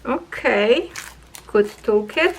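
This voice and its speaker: Woman, unboxing craft kit, slow and excited, slightly high voice. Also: slightly rough, poor audio. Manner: slow, enthusiastic, talks to viewers as friends. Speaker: craft channel host. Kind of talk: casual unboxing review.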